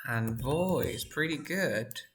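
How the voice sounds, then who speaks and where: Male teacher, unhurried, drills sounds over and over. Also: mid-range voice, expressive, fairly bright tone, slight background noise. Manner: slow, repeats sounds and words, asks the class questions. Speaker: English teacher. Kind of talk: pronunciation lesson.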